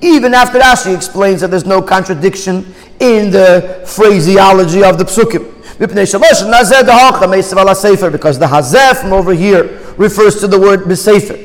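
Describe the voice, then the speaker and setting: A man's voice: high voice, fairly quick, in a large hall, rough recording. A man teaching a Torah class, reading out Hebrew phrases and explaining each one in English. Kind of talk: text study class, reading Hebrew then translating.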